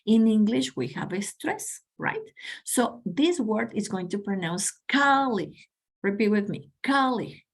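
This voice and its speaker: A woman's voice: medium pitch, lively intonation, measured pace, low-quality recording. A woman in her forties with a Mexican Spanish accent, leading an online pronunciation workshop for teachers in an enthusiastic, coaxing way. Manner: enthusiastic, coaxing, addresses audience as guys. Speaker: pronunciation trainer.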